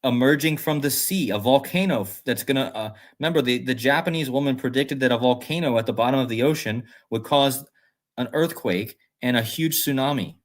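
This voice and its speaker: Brief: male livestream host, casual and rambling, thinks out loud and reacts to chat, mid-pitched everyday voice. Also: fairly quick. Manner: rambling, musing aloud, reads chat comments.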